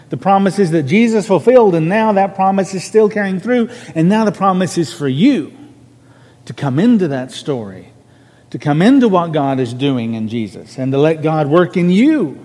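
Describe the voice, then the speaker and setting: A minister preaching a sermon from a podium, earnest and conversational, stressing key words. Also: male voice, fairly high pitch, a little mellow, big-room sound. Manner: earnest, conversational preaching with restarts and rising emphasis. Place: church sanctuary on a raised podium.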